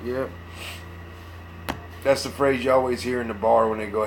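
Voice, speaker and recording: At a moderate pace and medium pitch, with fairly even intonation, this man rambles over a little hiss or hum. He is a hungover, folksy model-building live streamer from Mississippi, chatting casually and mocking himself.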